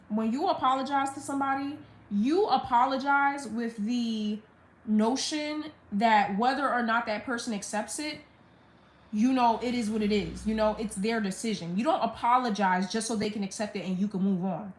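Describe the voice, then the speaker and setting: A woman's voice: a little high, normal speed. A young woman on a live stream, venting a blunt, profane storytime rant about her family. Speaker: livestreamer. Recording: roomy echo.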